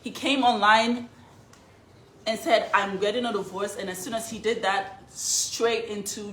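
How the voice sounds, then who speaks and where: A woman vlogger telling her own story, shaky but defiant, speaking haltingly. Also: medium pitch, fairly even intonation, a bit bright, slight background noise. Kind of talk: emotional vlog talk. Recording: echoey room.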